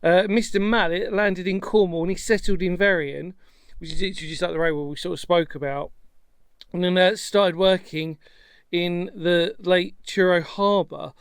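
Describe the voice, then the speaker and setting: A man's voice: high-pitched, fairly even intonation, normal speed, clean tone, no echo. A man chatting casually as a history vlog presenter on a coastal path outdoors, rambling and self-deprecating with lots of fillers.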